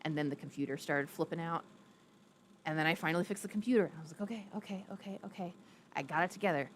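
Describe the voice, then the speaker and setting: A woman's voice: very fast, slight background noise. A young adult woman chatting casually on a live stream, rambling and reading viewer comments aloud. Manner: coos in a high baby voice to a pet. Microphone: streaming setup with a ring light.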